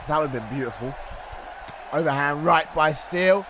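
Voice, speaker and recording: A man with a sore, strained throat doing live play-by-play commentary on a stream. He chats with viewers between calls and shouts at the big moments. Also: fairly high pitch, expressive, normal speed, pauses often, over a noisy crowd. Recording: noisy stream recording.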